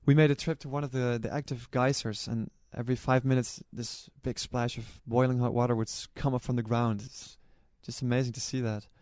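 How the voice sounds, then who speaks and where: A man's voice: medium pitch, flat delivery, fairly quick, few pauses, a little mellow, no echo, studio quality. A man, a relay runner and organizer, recalls his experiences in an earnest storytelling way, often restarting his sentences. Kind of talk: personal recollection to camera.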